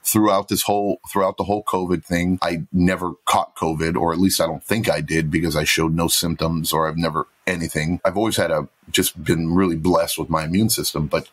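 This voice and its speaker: A man's voice: sits low, fairly even intonation, fairly quick, hardly any pauses, slightly rough. A man co-hosting a podcast, telling a story in casual chat and acting out the quotes. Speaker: podcast co-host.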